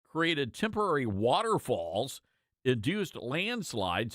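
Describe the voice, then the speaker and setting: A man's voice: medium pitch, fairly bright tone, no echo, studio quality. A man hosting a talk show, chatting casually and joking with laughing asides. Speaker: host.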